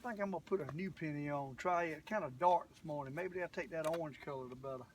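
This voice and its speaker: A man's voice: a little high, fast, far from the mic, background noise. An older man, hosting a live fishing vlog from a boat on a lake, rambling and folksy as he talks straight to his viewers. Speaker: fishing show host.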